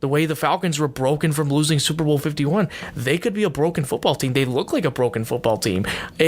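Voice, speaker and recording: A man's voice: mid-range voice, a bit bright. A young man hosting a sports podcast, ranting in a heated, profane, rambling way with lots of restarts. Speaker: podcast host. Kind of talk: casual sports rant.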